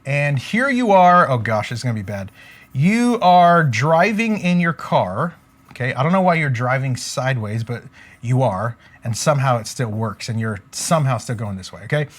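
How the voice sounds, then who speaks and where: A man's voice: on the high side, a bit bright. A man teaching business as a motivational coach, talking emphatically, repeating catchphrases and often checking in with "okay?" while drawing on a board.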